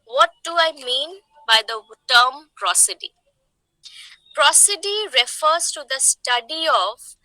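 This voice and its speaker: A woman's voice: high voice, bright, forceful tone, no room sound, rough recording. A woman teaching a lesson on poetry, explaining step by step and often checking in with "okay?". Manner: slow, emphatic, checks in with "okay?". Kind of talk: classroom lecture on poetry.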